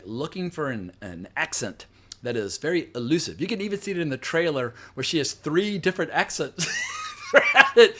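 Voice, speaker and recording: A man's voice: medium pitch, fairly bright tone. Blunt, sarcastic middle-aged male film reviewer. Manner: rambling with fillers and self-corrections. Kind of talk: casual spoken movie review.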